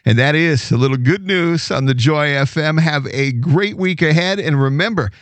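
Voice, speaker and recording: A man hosting a radio show, telling a good news story in a lively, chatty way with fillers. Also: a little high, normal speed, no echo. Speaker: radio host.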